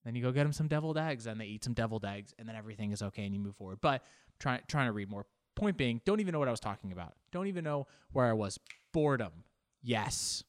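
A man's voice: medium pitch, expressive, fast talker, no room sound, clean studio sound. A man talking casually on his own, rambling and poking fun at himself, acting out little imagined conversations. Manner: rambling, self-mocking, acts out little quoted exchanges. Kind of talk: casual monologue.

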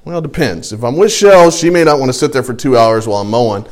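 A middle-aged man gives a relaxed, conversational sermon to an adult Bible study class. He tells personal stories and breaks into little acted voices for the thoughts he describes. His pitch sits in the middle range for a man. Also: fast. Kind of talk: casual sermon.

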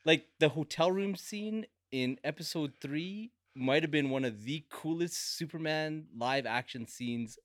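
A man on a podcast ribs his co-host with playful, mock outrage. His voice sits a little high, and the recording is dry and close. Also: unhurried, few pauses, fairly bright tone, dry recording. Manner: teasing, mock-outraged banter. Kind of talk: casual chat.

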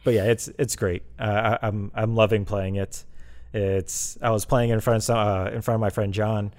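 Male co-host, animated storyteller, casual chat register, voices quotes as he goes. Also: on the low side, normal speed. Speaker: podcast co-host. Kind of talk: casual chat about video games.

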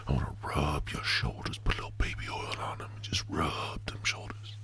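A man's voice: rumbling low, wildly swooping pitch, slow, creaky, a little mellow, a little hiss or hum, voice pushed down, exaggerated voice. A man doing a mock-seductive whispered role-play, breathing sweet nothings close to the ear.

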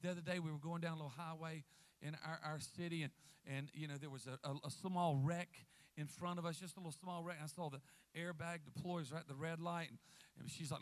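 A man preaching a sermon as a guest pastor, lively, calling out to the congregation. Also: on the high side, fast. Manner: lively preacher, calls out to the crowd.

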